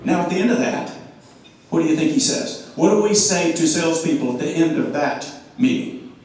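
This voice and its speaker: A man gives a lively sales talk to a club audience, throwing questions at the crowd. His slightly high voice carries through a very echoey room. He is picked up from a distance, with a little background hum. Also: moderate pace. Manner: animated, asks the audience questions, acts out quotes. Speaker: speaker at a club meeting.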